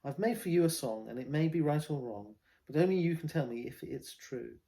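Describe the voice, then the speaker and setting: An English man reciting soldier ballads in a put-on, vaguely London working-class voice, declaiming loudly. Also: a little high, expressive, a little fast, vocal fry, voice pushed up. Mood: earnest.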